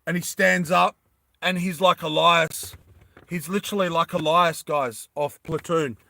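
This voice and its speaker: A man's voice: on the high side, fairly even intonation, measured pace, creaky, sharp tone. A young man casually telling a comic story, rambling and laughing at his own ideas.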